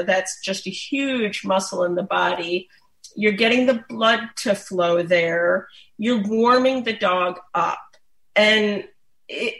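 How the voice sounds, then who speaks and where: A woman explaining dog massage in a relaxed, chatty way, with many fillers and restarts. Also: medium pitch. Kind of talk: casual instructional talk. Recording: roomy echo.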